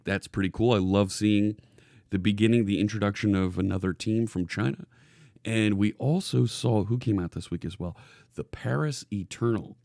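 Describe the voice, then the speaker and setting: A man hosting a live coding stream in a casual, chatty way. His voice sits low with plenty of gravelly fry, and the sound is dry and close. He keeps greeting chat viewers by name and restarts his phrases as he thinks aloud. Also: darkish tone, dry recording. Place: home studio with green screen. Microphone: hidden desk microphone.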